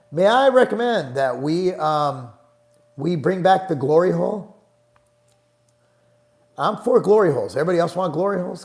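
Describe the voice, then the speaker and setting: Gravelly middle-aged dude doing a live q&a, blunt and swears a lot, kinda high voice. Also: male voice. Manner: blunt, profane, gets heated and exasperated. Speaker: host answering live chat questions. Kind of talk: casual live Q&A stream.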